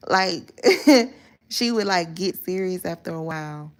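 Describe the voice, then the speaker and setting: A woman with a low voice and a gravelly edge rambles through a personal story for her viewers. She talks candidly and swears freely, circling back and correcting herself as she goes. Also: fairly even intonation, a little slow, fairly bright tone. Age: adult. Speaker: vlogger telling a story. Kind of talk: casual story time monologue.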